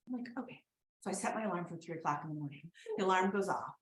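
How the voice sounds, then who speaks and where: A woman performing a profane, confessional comedic story on a theater stage, swinging between loud bursts and hushed asides. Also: mid-range voice, sing-song, fast talker, echoey room, low-quality recording. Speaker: solo performer.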